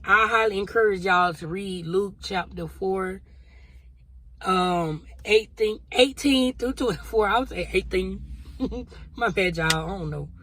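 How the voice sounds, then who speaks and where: A woman's voice: mid-range voice, unhurried, a bit bright, a little hiss or hum. A woman vlogger sharing a spiritual testimony in a casual, emotional, conversational way, talking straight to her viewers. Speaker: vlogger sharing a prophetic word.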